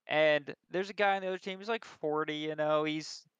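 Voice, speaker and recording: A young man co-hosting a casual chat, telling an animated, self-deprecating story. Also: on the high side, fairly quick, clean tone, no echo. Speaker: podcast co-host. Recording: dull lo-fi recording.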